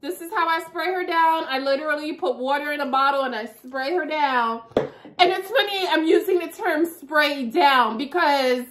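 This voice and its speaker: A woman's voice: high-pitched, moderate pace, fairly bright tone, a little hiss or hum. A woman vlogger chatting casually to camera in a playful way, laughing often.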